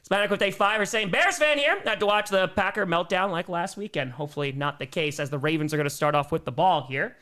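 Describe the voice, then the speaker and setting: A young man hosting a live sports stream, reading out fan donations and messages with energetic, jokey cheering. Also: sits high, a little fast, hardly any pauses.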